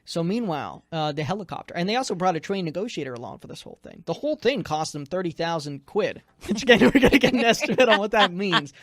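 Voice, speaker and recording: A man's voice: high-pitched, very animated, fast talker, hardly any pauses, a bit bright, no room sound. Tired male co-host for a local radio chat show, rambling and jokey storyteller, dry studio sound. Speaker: news director, co-host. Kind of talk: casual chat, telling a news story.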